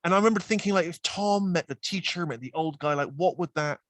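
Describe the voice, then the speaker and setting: A man's voice: fairly high pitch, quick pace, fairly bright tone. A man with a West Country English accent, a guest telling stories in casual chat, wry and self-deprecating. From West Country, England.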